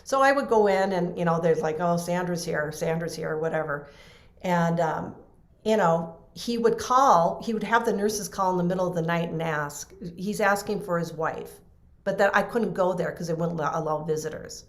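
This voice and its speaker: Middle-aged female guest, low register, heartfelt and rambling. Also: normal speed. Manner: earnest, emotional, restarts often. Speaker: podcast guest. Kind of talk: conversational storytelling.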